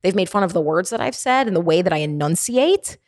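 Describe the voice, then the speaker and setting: Woman, Baltimore accent, earnest motivational podcast host, lowish voice, dry close sound. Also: animated, a little fast, no room sound. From Baltimore, USA. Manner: earnest, emphatic, repeats phrases for effect; stumbles and restarts, laughs between thoughts. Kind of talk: motivational faith-based monologue.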